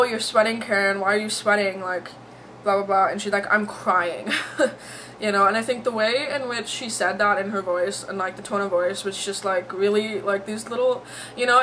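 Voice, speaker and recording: This is casual vlog commentary from a young woman talking to her camera, tearful and rambling, leaning constantly on "like" and "you know." She has a bright, forceful voice of medium pitch, picked up by the camera mic in a rough recording with a bit of hiss or hum.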